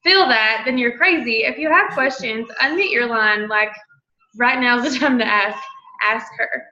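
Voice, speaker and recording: A woman's voice: fairly high pitch, a little slow, sharp tone. A woman hosting a team call, bubbly and laughing as she hypes up the speaker and moderates questions. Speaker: call host. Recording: roomy, dull call audio.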